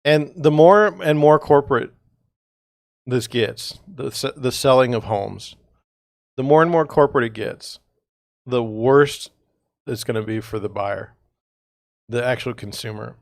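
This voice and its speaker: A man's voice: medium pitch, unhurried, gravelly, pauses often, dry recording, clean studio sound. A man hosting a real estate livestream, talking in a rambling, exasperated way with sarcastic asides, sounding tired. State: tired, yawning. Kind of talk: casual livestream monologue.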